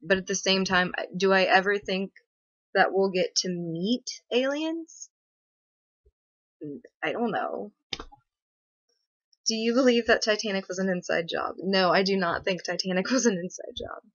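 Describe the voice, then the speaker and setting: A woman's voice: a little slow, long pauses, fairly bright tone, dry recording. A young woman hosting a casual livestream, rambling and sarcastic, with many fillers, recorded on a webcam or laptop mic. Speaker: livestream host. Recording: muffled, dry low-fi stream audio.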